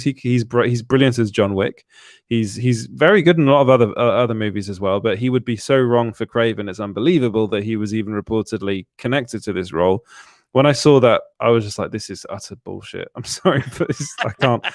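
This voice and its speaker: A man's voice: medium pitch, a little fast, no room sound, studio quality. A man co-hosting a film podcast, talking with enthusiasm and frequent restarts. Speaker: podcast co-host. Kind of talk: casual chat about films.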